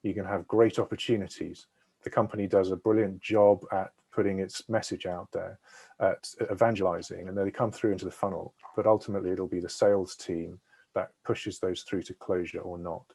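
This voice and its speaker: Husky low-voiced man explaining. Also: steady tone, fairly quick, dark tone. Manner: explanatory, checks in with "right?". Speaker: sales consultant guest. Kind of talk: webinar talk.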